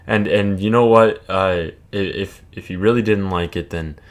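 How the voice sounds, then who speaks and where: A man's voice: low voice, normal speed. A young man presenting a class project as a casual comic retelling, talking in laid-back slang with hesitant fillers.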